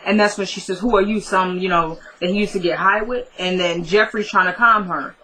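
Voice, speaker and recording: Bright-voiced woman recapping a TV episode. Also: medium pitch, steady tone, brisk, a little hiss or hum, low-quality recording. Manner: chatty, retells scenes by quoting characters. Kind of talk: casual recap monologue.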